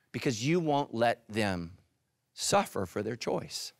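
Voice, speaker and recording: A male pastor preaching with a lively voice that swings high and low. He talks straight to the people in front of him, and the sound is dry and close. His pitch sits in a middle range for a man. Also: slow, vocal fry, no room sound. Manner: animated, addresses listeners directly. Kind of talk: sermon.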